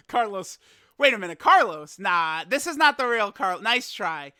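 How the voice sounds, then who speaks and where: A man's voice: sits high, sing-song, normal speed, sharp tone, no room sound, clean studio sound. A young man giving casual reaction commentary as a gaming YouTuber, exasperated and laughing, rambling with stammered restarts.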